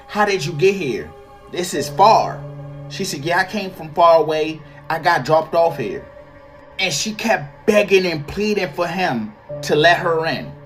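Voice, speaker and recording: A woman reacts to a creepy clip in an animated, slangy way, calling her viewers y'all and swearing freely. Faint music sits under her voice. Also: mid-range voice. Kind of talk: reaction commentary on a video.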